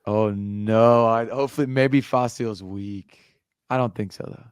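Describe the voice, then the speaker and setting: A man's voice: fairly low pitch, steady tone, measured pace, clean tone, dry recording, studio quality. A young American man co-hosting a podcast in casual chat, easygoing and joking, trailing off and restarting often. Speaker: podcast co-host.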